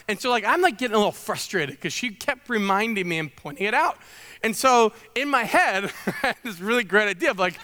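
A man's voice: high voice, animated, brisk, bright, forceful tone, big-room sound. A man in his thirties preaching a sermon, telling chatty self-deprecating stories full of fillers. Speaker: pastor.

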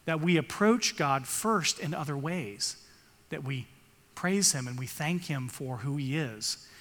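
A man's voice: a little high, fairly bright tone, big-room sound. A male pastor giving an earnest sermon, reading scripture aloud and rising for emphasis.

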